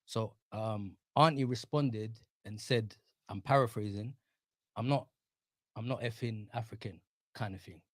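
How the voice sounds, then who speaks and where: A man's voice: lowish voice, a little slow, no room sound. Man, insistent casual explainer, dry sound. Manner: insistent, storytelling, paraphrasing. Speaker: podcast guest.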